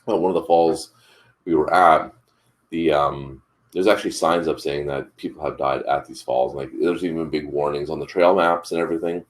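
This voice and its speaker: A man with a very low voice chats casually as the host of a morning show. He tells a rambling family story and keeps circling back with "like" and restarts. His delivery is loose and conversational. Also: steady tone, normal speed. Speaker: father.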